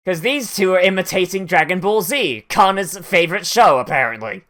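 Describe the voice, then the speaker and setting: This anime reaction host has a medium-pitched, expressive, fairly bright voice and speaks at a moderate pace with hardly any pauses. The casual watch-along commentary rambles, packed with "like" fillers and laughter.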